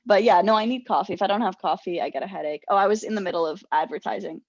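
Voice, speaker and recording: A woman's voice: medium pitch, racing, dry recording. A young adult woman co-hosting a podcast, chatting casually and telling stories animatedly, laughing often. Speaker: podcast co-host. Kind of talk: casual chat. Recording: dull lo-fi sound, dry.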